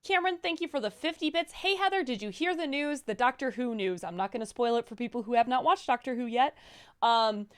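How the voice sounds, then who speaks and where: A woman co-hosting a live stream, reading out viewer donations and comments in a brisk, upbeat way. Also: fairly high pitch, smooth. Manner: brisk, upbeat, stumbles over hard names.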